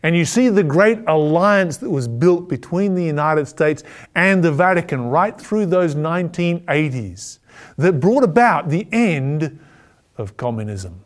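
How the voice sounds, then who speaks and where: A man's voice: a little high, expressive, measured pace. A man preaching a prophecy sermon, with emphatic delivery that rises and falls. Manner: emphatic, rising and falling delivery.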